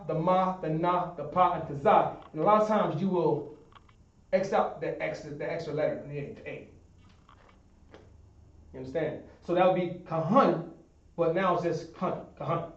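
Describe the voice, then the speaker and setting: A man's voice: high-pitched, normal speed. Guy teaching at a board, keeps asking if u understand, far off mic, muffled sound. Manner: explains step by step, often asks "understand?". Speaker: teacher of a Hebrew class. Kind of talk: classroom teaching at a whiteboard. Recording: echoey room, distant dull sound.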